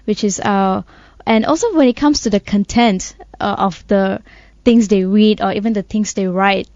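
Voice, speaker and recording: A woman co-host, explaining news points in a measured way with small hesitations. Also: mid-range voice, a little mellow, no room sound. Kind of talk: casual news discussion. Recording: dull, dry studio sound.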